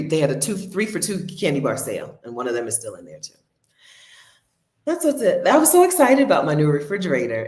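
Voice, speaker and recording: A woman with a low voice hosts a livestream from her home, near her refrigerator, chatting casually and laughing with viewers in an echoey room.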